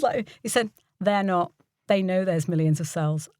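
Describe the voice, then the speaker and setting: In a casual interview, an older UK voiceover artist and coach tells stories, laughing often and acting out those she quotes. Her mid-range voice has lively intonation and an unhurried pace. The recording is dry, clean studio sound.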